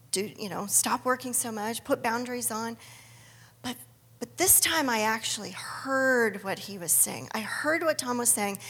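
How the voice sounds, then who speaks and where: A woman's voice: fairly high pitch, fairly bright tone, breathy edge, in a large hall. A middle-aged woman giving an earnest personal faith testimony, telling her story and acting out her own inner dialogue. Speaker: speaker sharing a faith testimony.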